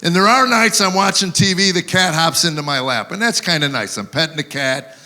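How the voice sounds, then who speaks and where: On stage at an awards show, a Tennessee-born stand-up trades in wry storytelling and impressions for his punchlines. His sharp voice runs on the high side and a little fast.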